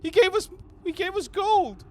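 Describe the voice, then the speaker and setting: A man's voice: very high voice, lively intonation, normal speed, voice pushed up. A man voicing a terrified human captive who stammers and begs for his life in a tabletop game. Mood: pleading. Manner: stammering, pleading.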